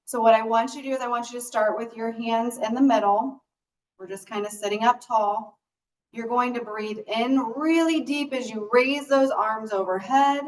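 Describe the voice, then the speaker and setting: Woman guiding slow breathing stretches. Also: a little high, steady tone, distant mic, poor audio. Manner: gentle and encouraging, talks people through each breath. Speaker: exercise instructor.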